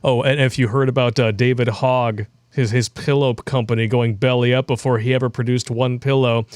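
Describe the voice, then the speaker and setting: A man hosts a casual live show, reading donation messages aloud with wry asides. His voice sits at a middle pitch and sounds close and dry. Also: little pitch movement, a little fast, darkish tone, dry recording.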